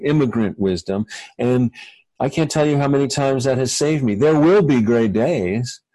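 A man, a guest author, talking reflectively in a halting way with many fillers and restarts. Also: medium pitch, mellow, no echo, poor audio. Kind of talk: reflective conversational talk.

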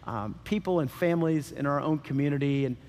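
A middle-aged man preaching a sermon as pastor, animated and conversational with casual asides. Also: a little high, fairly quick. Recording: church hall with long reverb.

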